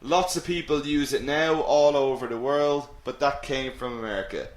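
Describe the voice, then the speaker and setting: A man teaching an English lesson, upbeat and encouraging, repeating key words slowly. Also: mid-range voice. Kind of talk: live online English lesson. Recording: roomy echo.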